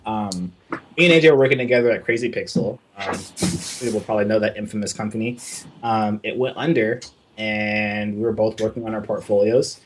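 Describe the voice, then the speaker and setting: A man's voice: fairly low pitch, steady tone, brisk, noisy background. A young man from Southern California telling a casual, profane story as a guest in an interview. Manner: casual, profane, acts out quoted dialogue in his telling. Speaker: guest concept artist.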